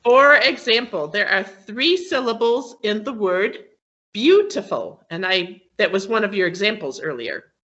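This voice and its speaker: Bright-voiced woman teaching over a call. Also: mid-range voice, normal speed. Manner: patient, explains step by step with frequent "okay?" checks. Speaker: guest teacher. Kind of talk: online English pronunciation lesson. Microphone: video call. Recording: dull lo-fi video call audio.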